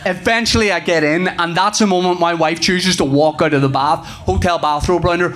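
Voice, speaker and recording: Animated stand-up man with a lighter voice. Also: sits high, a little fast. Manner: animated storytelling, acting out dialogue, swearing. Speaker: stand-up comedian. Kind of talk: stand-up routine.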